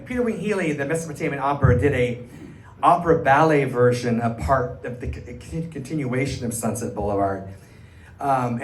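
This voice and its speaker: A middle-aged man, a cabaret performer, telling an animated anecdote to a live audience and acting out the people in it. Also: mid-range voice, distant mic. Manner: animated, chatty, acts out the people in his stories. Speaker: cabaret singer and storyteller. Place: small arts venue stage, live audience. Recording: roomy live stage sound, faint room noise.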